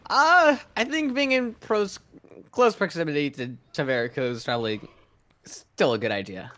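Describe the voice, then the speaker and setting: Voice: medium pitch, animated, normal speed, a bit bright, no echo. A player in a tabletop game, hesitant, thinking aloud about the next move.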